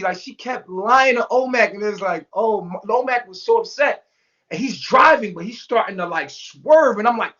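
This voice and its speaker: Animated man telling a story. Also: extremely high pitch, brisk. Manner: animated, profane, acts out quotes in voices. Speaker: interview guest. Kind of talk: casual storytelling. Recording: dull lo-fi sound.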